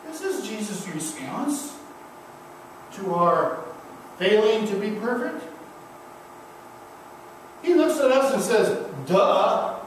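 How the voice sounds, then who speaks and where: Male pastor, high voice, slow deliberate sermon delivery, distant mic in a booming church. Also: expressive, heavy reverb, a little hiss or hum. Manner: slow, emphatic preaching with repeated refrains. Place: church sanctuary.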